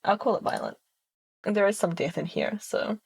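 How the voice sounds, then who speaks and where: A woman's voice: mid-range voice, moderate pace, vocal fry, darkish tone, husky. A woman streamer chatting casually with her viewers, playful and giggling often between phrases. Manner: playful, chatty, reads chat aloud.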